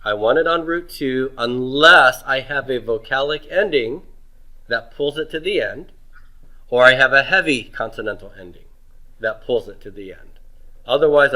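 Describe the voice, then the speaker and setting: A middle-aged man teaching Hebrew grammar in a homework review lecture. He asks questions and answers them himself, drawing out words slowly. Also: medium pitch, pushed and bright, poor audio.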